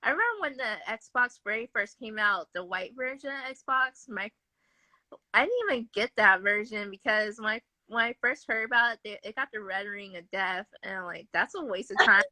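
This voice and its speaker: A woman's voice: medium pitch, animated, moderate pace, bright, forceful tone, no echo. A woman talking as a guest about games she is building, in a casual podcast chat over a live video call, laughing often between remarks. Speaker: guest game developer. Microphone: phone or webcam mic on a live stream.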